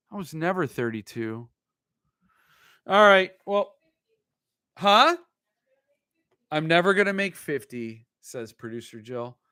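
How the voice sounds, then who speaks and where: A man's voice: on the high side, sharp tone, clean tone, dry recording, studio quality. A man hosting a casual book live stream, joking and rambling in a self-mocking way.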